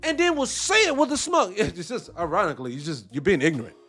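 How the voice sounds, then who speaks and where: A man's voice: high voice, huge pitch swings, quick pace, fairly bright tone, slightly rough, soft background music. A man giving heated, profane reaction commentary, firing off rhetorical questions.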